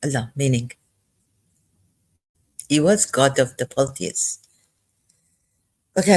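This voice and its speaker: Tearful rambling vlogger, 50s, slow and halting, lots of uhs. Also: mid-range voice. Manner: rambling, emotional, breaks off with fillers and apologies. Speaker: video blogger. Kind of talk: rambling emotional commentary.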